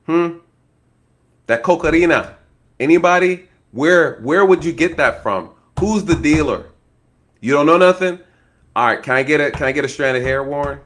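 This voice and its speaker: A man with a somewhat high voice gives casual true-crime commentary, animated and speculative. He laughs often and keeps turning to his viewers. He plays out scenarios as he goes. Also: moderate pace. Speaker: online commentator, former law enforcement.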